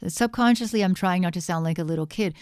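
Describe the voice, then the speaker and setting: A woman's voice: fairly low pitch, quick pace, a little mellow, clean tone, no echo, studio quality. A woman co-hosting a livestream, giving casual, jokey feedback on music with lots of filler words. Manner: chatty and jokey, with many fillers.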